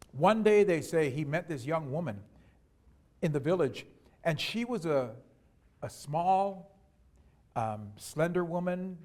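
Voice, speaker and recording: A man telling a traditional story aloud to an audience, unhurried and repeating words for emphasis. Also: a little high, darkish tone. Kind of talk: oral storytelling to a live audience.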